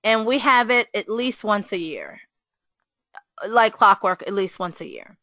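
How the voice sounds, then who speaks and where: Teacher type, a woman with a bright, forceful voice, an animated storyteller who jumps up in pitch for quotes, recorded dry. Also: measured pace, dry recording, rough recording. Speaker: preschool teacher. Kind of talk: casual storytelling chat.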